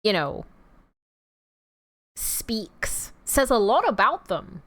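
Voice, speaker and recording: A woman's voice: medium pitch, sing-song, drawn-out words, a bit bright. A young adult woman streamer chatting casually, with a rambling, self-interrupting delivery and easy laughter. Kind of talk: casual livestream chat.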